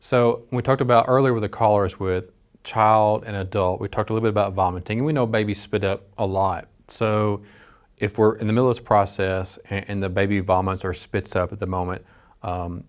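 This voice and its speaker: A man's voice: on the low side, fairly even intonation, a little fast. A middle-aged man giving a training lecture as a dispatch instructor, earnest and conversational with frequent restarts. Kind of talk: training lecture with personal story.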